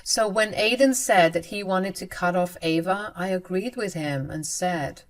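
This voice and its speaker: A young woman narrating a dramatized first-person family story in an even, earnest way. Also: lowish voice, a little slow, hardly any pauses.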